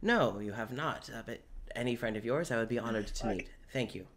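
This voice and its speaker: A game master voicing a soft-spoken, gracious mayor. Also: lively intonation, a little fast. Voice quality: soft and low. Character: gracious formal man, the mayor Michael.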